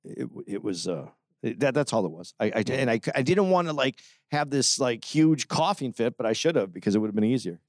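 A man's voice: medium pitch, sing-song, brisk, few pauses, dry recording, clean studio sound. A man co-hosting a podcast in casual chat, laid-back and hesitant, often restarting his sentences. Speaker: podcast co-host.

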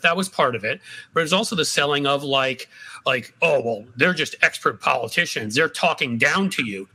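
A man on a political panel with a very bright, forceful tone and a slightly high voice. He talks bluntly and emphatically, stacking and repeating phrases to drive each point home. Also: husky. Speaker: panel guest.

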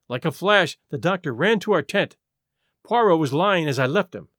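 A man reading a story aloud in measured first-person narration. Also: on the high side, animated, a bit bright, no room sound, studio quality. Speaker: audiobook narrator.

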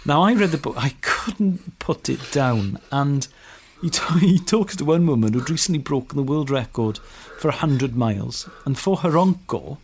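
A man's voice: medium pitch, lively intonation, normal speed, hardly any pauses, slight background noise. A man co-hosting a podcast, telling stories in a casual, enthusiastic way and laughing often. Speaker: podcast co-host. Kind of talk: casual chat.

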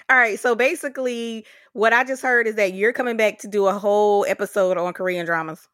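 A woman's voice: mid-range voice, steady tone, normal speed, a bit bright, no room sound, clean studio sound. A woman hosting an interview, teasing and eager, laughing often with her guest. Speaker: interviewer and host. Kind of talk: casual interview chat.

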